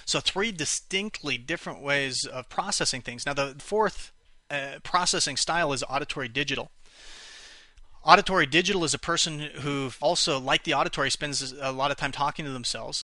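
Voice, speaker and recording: A man's voice: a little high, normal speed, pushed and bright, no echo. A man teaching a lesson on how to speak to different kinds of buyers, explaining and acting out example phrases, with some restarts. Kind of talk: spoken lesson on communication styles.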